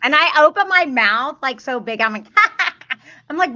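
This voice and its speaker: A woman who is an actor, co-hosting a podcast in an animated, giggly casual chat. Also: sits high, no room sound, highs cut off.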